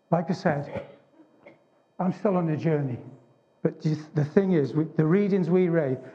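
Bloke preaching his story, high voice, dull lo-fi sound. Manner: animated, emphatic storytelling. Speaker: speaker at a men's gathering. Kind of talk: testimony sermon. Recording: dull lo-fi recording.

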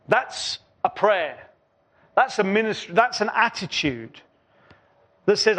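A man with a high-pitched voice preaches a sermon in church. He speaks earnestly, building phrases through repetition and letting his voice fall quieter between them. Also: animated, slow, long pauses. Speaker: pastor.

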